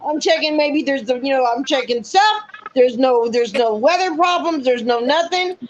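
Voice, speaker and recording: A woman's voice: high-pitched, normal speed, highs cut off, noisy background. A woman in casual chat, emphatic, acting out what others said. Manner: emphatic, quoting others in lively voices.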